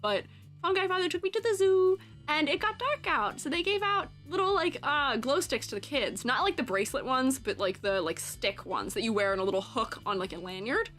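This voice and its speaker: A young woman with a high, bright voice that leaps all over as she tells a rambling story on stream. She laughs often and throws herself into acting out the people in it. Faint music plays behind her. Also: lively intonation, a little fast.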